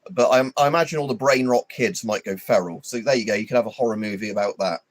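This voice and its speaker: A man's voice: mid-range voice, fast. A man hosting a livestream, rambling and swearing in an opinionated, casual chat full of fillers. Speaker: livestream host.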